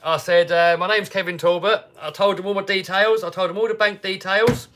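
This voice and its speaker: A British man hosting a livestream, telling a story casually and animatedly, dropping to mutters and rising to loud outbursts. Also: high-pitched, steady tone, brisk, slight background noise. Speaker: livestream host.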